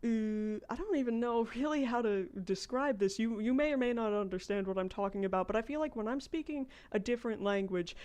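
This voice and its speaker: A woman's voice: a little high, a little mellow. An American woman streaming a game, chatting casually with her viewers and thinking aloud at length as she plays. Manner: rambling, thinks aloud while playing. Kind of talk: casual livestream chat.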